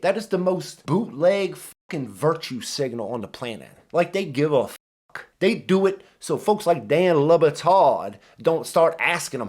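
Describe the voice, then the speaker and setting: A man's voice: a little high, big pitch swings, a little slow, a little mellow. A man ranting heatedly in a profane reaction commentary, stressing words with lots of cursing. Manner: heated, emphatic, heavy swearing.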